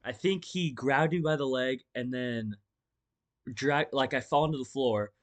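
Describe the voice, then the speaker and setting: In a medium-pitched voice, a little slow, a young vlogger rambles through a storytime tale, acting it out with gestures amid fillers, restarts and swearing.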